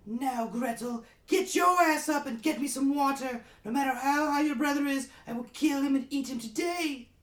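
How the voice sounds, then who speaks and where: A woman's voice: high voice, normal speed, natural voice. A woman voicing a wicked old female witch who is a crude, street-tough dealer, menacing and bossy in a comedic parody. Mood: shouting angry. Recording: echoey, with music behind.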